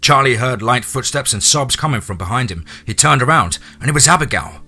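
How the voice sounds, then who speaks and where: A man narrating a horror story theatrically, dropping low and quiet for suspense. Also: animated, a little fast, breathy edge, faint music behind.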